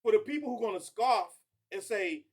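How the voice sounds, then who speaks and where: A man hosting a hip hop debate podcast, talking quickly and building his case with long lists of names. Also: high voice, lively intonation. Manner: talks fast and builds his argument with many names.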